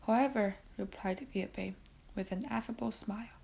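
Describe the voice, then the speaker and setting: A woman's voice: medium pitch, fairly even intonation, measured pace, creaky, a little mellow, rough recording. A woman reading a classic novel aloud as an audiobook, sometimes dropping to a whisper and correcting her own slips. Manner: reads classic prose, with whispered passages and self-corrections. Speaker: audiobook reader.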